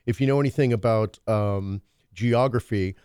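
A man's voice: on the low side, normal speed, darkish tone, clear, resonant tone, no room sound, clean studio sound. A man hosting a talk radio show, musing on current events in a rambling, hesitant way full of fillers. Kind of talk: casual political talk.

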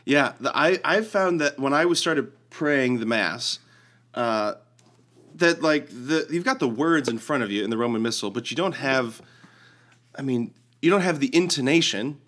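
A man co-hosting a casual faith podcast, chatty and full of "like", acting out quoted lines with a lifted voice. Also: moderate pace. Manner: animated, acts out quoted lines with rising pitch; lots of "like" and restarts. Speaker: podcast co-host.

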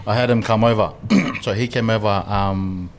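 A man's voice: fairly low pitch, fairly even intonation, normal speed, a little hiss or hum. A man, co-hosting a podcast and telling a story in a loose, rambling way with plenty of fillers. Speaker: podcast co-host. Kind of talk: casual storytelling chat.

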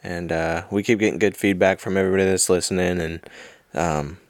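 Easygoing low-voiced podcast co-host. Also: male voice, steady tone, brisk, dry recording, clean studio sound. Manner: easygoing, agreeable, chuckling. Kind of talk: casual podcast chat.

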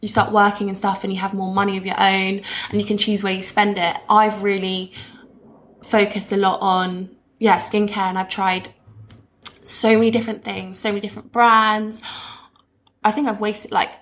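A woman's voice: medium pitch, flat delivery, moderate pace, fairly bright tone. Chatty twenty-something woman guest. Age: 20s. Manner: casual, many fillers and restarts, speaks in likes. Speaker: podcast guest. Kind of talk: casual chat.

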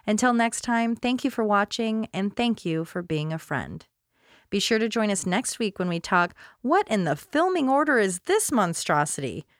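A woman podcast host with a medium-pitched voice and big pitch swings talks at a normal speed, recorded dry and close-miked with no room sound. She starts with scripted commentary, then moves into casual chat, sounding wry and conversational and laughing often.

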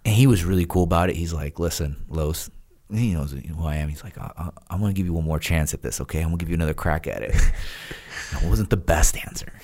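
A man's voice: low-pitched, fast talker. A man, a podcast guest, telling a story in casual chat and acting out the other people's lines. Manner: animated, acts out quoted dialogue with laughs. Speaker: podcast guest, retired Navy SEAL.

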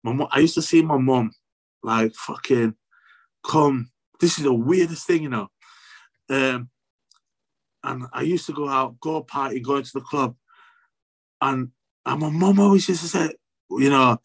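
Young guy, kinda high voice, swearing loads, stumbling through a personal story in an interview. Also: fairly bright tone, breathy edge. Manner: swears often, halting and repetitive. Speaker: interview guest.

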